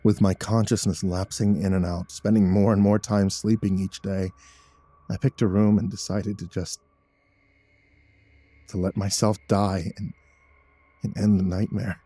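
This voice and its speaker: Man, horror story narrator, low-pitched, dry close sound, somber and measured. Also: level tone, mellow, no echo.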